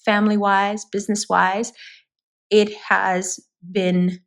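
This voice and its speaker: A woman's voice: medium pitch, level tone, slow pace, gravelly. A woman giving a spoken tarot reading, talking straight to her viewers in an earnest, reassuring way. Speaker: tarot reader.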